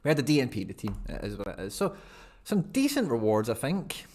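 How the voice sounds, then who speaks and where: A man's voice: mid-range voice, wildly swooping pitch, fairly quick, darkish tone. A man, chatting casually and rambling through a live stream, often laughing at himself. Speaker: fantasy football streamer.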